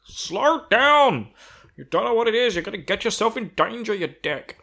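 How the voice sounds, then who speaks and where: A man's voice: big pitch swings, normal speed, creaky, bright, forceful tone, heavily acted. A man voicing an exasperated, fussy male giant who scolds his reckless friend. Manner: shrill scolding, comic impression style.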